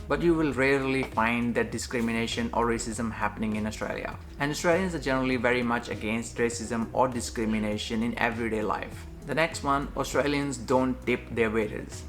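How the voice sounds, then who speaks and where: A man reading a scripted explainer video in a steady, list-like manner. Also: mid-range voice. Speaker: narrator of a played explainer video. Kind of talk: scripted informational narration. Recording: narration with faint background music.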